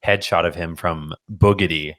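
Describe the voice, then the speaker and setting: A man co-hosting a casual movie-review podcast, talking in an excitable way with lots of exclamations. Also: low-pitched, moderate pace. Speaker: podcast co-host. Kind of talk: casual chat.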